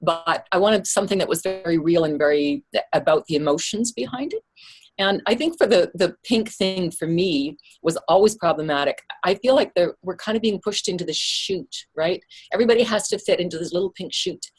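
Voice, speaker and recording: A woman author and artist talking openly in a remote interview, self-deprecating and relaxed, her voice a little lower than most. She speaks through a plain computer microphone rather than a headset, over a video call. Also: a little fast, breathy edge. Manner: candid, self-deprecating, frequent fillers and laughs. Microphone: computer mic without headset on a video call.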